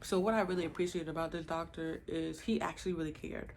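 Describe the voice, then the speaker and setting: A young woman vlogging to her camera at home, casually telling her labor story with animated, slangy asides to viewers. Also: sits low, fast talker, a little hiss or hum.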